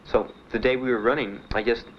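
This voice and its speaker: A man's voice: mid-range voice, steady tone. Guy telling his service story, lots of uhs, faint hiss behind, kinda muffled old tape. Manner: halting, plainspoken storytelling with many "uh" fillers. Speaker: veteran interviewee. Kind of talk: documentary interview. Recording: dull archival recording with faint hiss.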